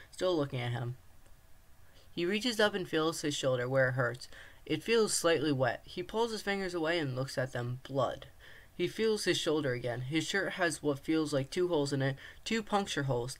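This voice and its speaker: A man's voice: fairly high pitch, a bit bright. A man reading a long story aloud in a casual manner, with small slips and restarts. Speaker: story reader. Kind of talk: casual read-aloud narration.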